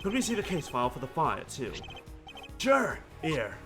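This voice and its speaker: A man voicing a composed male prosecutor in a video game, speaking in a measured, formal way. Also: a little high, huge pitch swings, over music. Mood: analytical.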